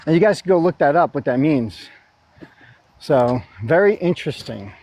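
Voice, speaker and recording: Animated storytelling man. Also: fairly high pitch, moderate pace. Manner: animated storyteller, acts out quotes and laughs. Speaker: guest sharing a court story. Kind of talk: casual group chat.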